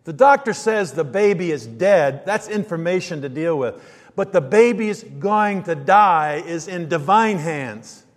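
A man's voice: a little high, lively intonation, unhurried. Man preaching in a reverberant hall. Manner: storytelling sermon that swings between hushed asides and loud rising emphasis. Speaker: pastor. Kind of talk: sermon. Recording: long reverb of a large hall.

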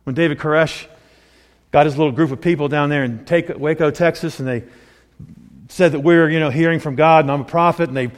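Guy preaching in a church, kinda high voice, gets all fired up, big echoey hall. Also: a little fast. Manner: conversational, excitable, rising with emphasis. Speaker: pastor. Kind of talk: sermon. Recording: long hall reverb.

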